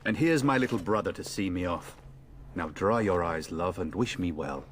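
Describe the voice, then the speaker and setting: A man's voice: sits low, lively intonation, normal speed, a little hiss or hum. A man voicing a confident, jovial warrior in a fantasy game. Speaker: game character. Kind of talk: game voice acting.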